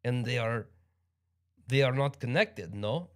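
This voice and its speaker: A man putting on a thick Russian accent to play a creepy male magician, slow and teasing. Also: medium pitch, lively intonation, natural voice. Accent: put-on Russian.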